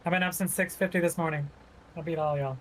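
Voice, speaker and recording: A woman's voice: fairly low pitch, steady tone, quick pace, crowd noise, rough recording. A woman, a mother, joining a game stream and making brief teasing remarks. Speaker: guest player on a stream. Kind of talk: casual chat.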